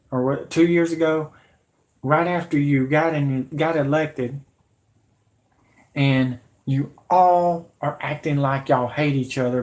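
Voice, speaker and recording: A man in his late thirties hosting his own channel, delivering a heated, repetitive, confrontational political rant. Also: fairly high pitch. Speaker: channel host.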